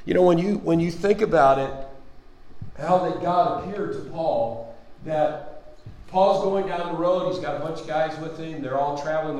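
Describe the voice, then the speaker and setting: A man teaching a Bible study with fervent preaching, exclaiming hallelujah and amen, swinging between loud passages and quiet explaining. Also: fairly high pitch, reverberant, a little hiss or hum, poor audio.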